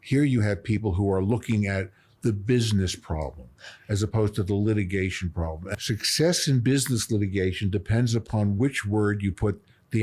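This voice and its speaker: A man's voice: fairly low pitch, normal speed, a little mellow, slightly rough. A man speaking as a business lawyer in a panel discussion, explaining points with everyday analogies.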